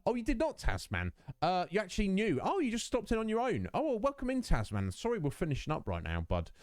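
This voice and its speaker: Lively, chatty British man streaming. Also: high-pitched, fast talker, dry recording, studio quality. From United Kingdom. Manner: chatty, laughing, animated. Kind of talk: casual chat with stream viewers.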